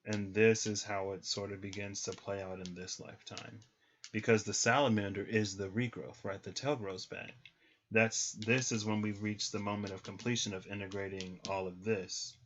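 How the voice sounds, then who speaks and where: A man's voice: lowish voice, flat delivery, moderate pace, fairly bright tone, slight background noise. A man giving a casual livestream tarot reading, thinking aloud with many ums. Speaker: tarot reader. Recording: slightly muffled lo-fi audio.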